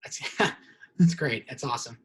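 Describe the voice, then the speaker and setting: A young man hosting a casual interview, who tells animated stories and acts out the quotes in them. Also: medium pitch, measured pace, slight background noise, rough recording. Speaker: podcast host.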